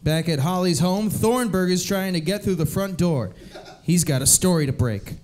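A man's voice: sits high, normal speed, a little mellow. A man narrating stage directions in a comedic live script reading, often breaking into giggles. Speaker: narrator and host.

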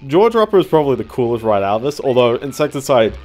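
A man's voice: medium pitch, sing-song, quick pace, darkish tone, faint music behind. A young man giving casual, rambling gameplay commentary as a streamer. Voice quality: rambling, self-deprecating.

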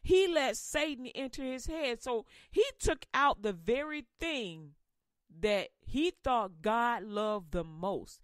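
A woman hosting a comic sermon podcast, preaching in loose street slang. Her voice sits a little high and swings in a lively way. The recording is dry and close. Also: slow pace, no echo. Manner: animated, slangy, acts out Bible voices. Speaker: host, lay preacher.

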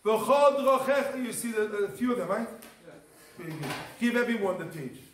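A man's voice: high-pitched, expressive, unhurried, a little hiss or hum. A man, a rabbi, teaching a Torah class in an emphatic, repetitive manner, his English mixed with Hebrew terms. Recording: echoey room.

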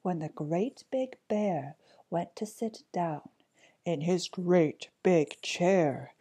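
A woman reading a fairy tale aloud, gentle and slow, dropping some words to a whisper. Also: lowish voice, husky. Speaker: storybook reader.

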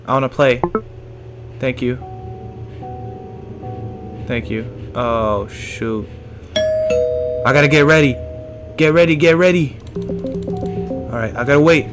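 A young man giving panicky let's-play commentary on a horror game, yelping and shouting when scared. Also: medium pitch, animated, slow, long pauses. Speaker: gaming streamer. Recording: game music playing loudly behind.

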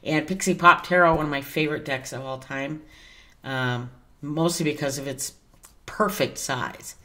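A woman's voice: deep voice, steady tone, moderate pace, a bit bright. A woman talking casually in a vlog as a tarot reader, chatty and digressive, with some mild cursing.

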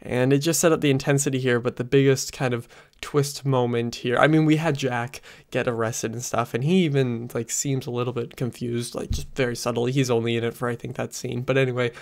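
A man talks through a show review at a home setup, close on a desk microphone. His voice sits at an ordinary middle pitch. He rambles and leans on frequent fillers. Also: steady tone, fairly quick, creaky. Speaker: film and TV reviewer. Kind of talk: casual spoken review. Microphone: USB desk microphone close up.

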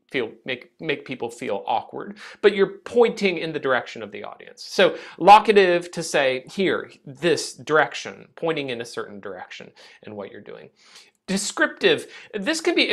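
Animated man giving a lecture. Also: high voice. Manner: animated, demonstrative, restarts phrases often. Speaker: speech teacher. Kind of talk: classroom lecture.

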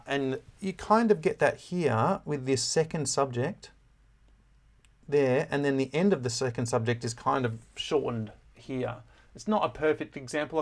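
A male music teacher talks through a score in a loose, easygoing voice, with ums and quick corrections scattered throughout. His pitch sits in a middle range, neither deep nor high. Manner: relaxed, chatty, with many fillers and self-corrections. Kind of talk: casual score walkthrough.

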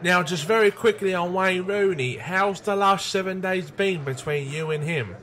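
A man playing a sports reporter who interviews a football manager with brisk, chummy questions. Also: high voice, fairly bright tone.

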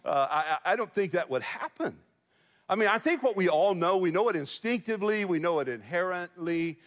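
The congregation hears a pastor's fairly high voice echoing through a large, reverberant church as he gives his sermon. He tells it as a folksy story sprinkled with jokes and his own laughter between lines.

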